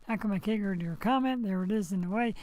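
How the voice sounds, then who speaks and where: A man's voice: high-pitched, quick pace, darkish tone, dry recording, poor audio. Guy hosting a live web show from home, rambly and chatty, cracks little jokes, on a headset mic, just post surgery. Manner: rambling, chatty, jokey asides. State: recovering from surgery. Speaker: host. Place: home setup, streaming.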